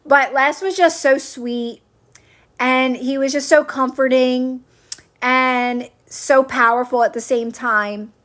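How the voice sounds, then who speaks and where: A woman with a high, a bit bright voice speaks in a steady tone at a slow pace. She's coaching viewers in a casual livestream, answering comments and repeating phrases to reassure them.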